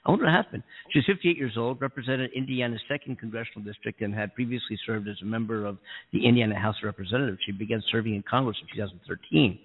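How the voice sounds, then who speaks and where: A man's voice: fairly low pitch, very fast, breathy edge. A man co-hosting a talk radio show, chatting casually and thinking aloud as he reads the news. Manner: chuckles often, thinks aloud while reading. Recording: tinny phone-line sound.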